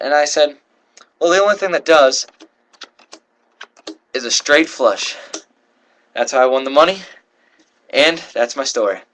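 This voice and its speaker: A man's voice: fairly high pitch, unhurried, pauses often, fairly bright tone. A young man performing a card trick while telling a rambling story, often correcting himself mid-sentence. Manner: rambling, self-correcting, voices quoted people. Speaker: card magician.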